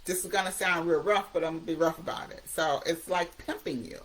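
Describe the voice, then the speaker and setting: A woman's voice: lowish voice, fairly even intonation, a little fast, poor audio. Emphatic woman giving a recovery talk. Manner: emphatic, repetitive, conversational. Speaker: recovery coach host.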